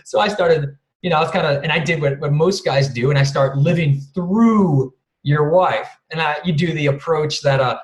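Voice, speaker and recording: A man's voice: on the high side, moderate pace. A man guest speaker telling a casual story over a video call, rambling, chuckling often and swearing casually. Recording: roomy video call audio.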